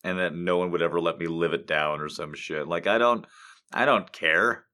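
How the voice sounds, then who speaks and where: A man's voice: low-pitched, moderate pace, pushed and bright. A man hosting a casual stream, rambling and swearing with self-mocking jokes and mock-dramatic outbursts. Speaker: streamer host. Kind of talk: casual chat.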